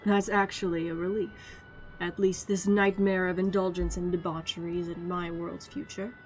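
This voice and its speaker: A woman voicing a stoic, somewhat cocky male archer hero from a game, in a lowered, guarded voice. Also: little pitch movement, normal speed, faint music behind, close to an everyday voice. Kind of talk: voicing game characters on stream.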